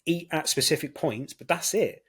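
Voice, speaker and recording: A man's voice: fairly high pitch, moderate pace, fairly bright tone, husky. A man from Britain hosting a podcast, explaining his ideas in an enthusiastic casual chat. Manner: enthusiastic, explanatory, many fillers. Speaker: podcast host.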